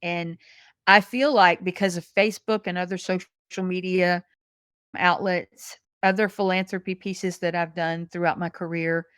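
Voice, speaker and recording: A woman's voice: fairly low pitch, steady tone, moderate pace, a bit bright, clean tone, no room sound, clean studio sound. A woman in her fifties, a podcast guest talking in a folksy, earnest way and calling people honey. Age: 50s. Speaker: guest, massage industry representative. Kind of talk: casual podcast conversation.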